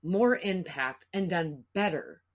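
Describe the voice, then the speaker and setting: A woman's voice: on the low side, lively intonation, slow pace. A middle-aged woman hosting a podcast, talking in an emotional, rambling way and swearing freely. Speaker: podcast host. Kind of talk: casual podcast conversation.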